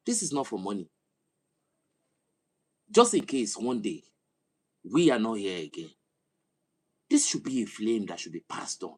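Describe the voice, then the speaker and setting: Husky Nigerian man, impassioned commentary. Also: on the low side, sing-song, a little slow, long pauses. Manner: passionate, rising into loud emphatic oratory. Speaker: political commentator. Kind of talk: impassioned monologue to camera.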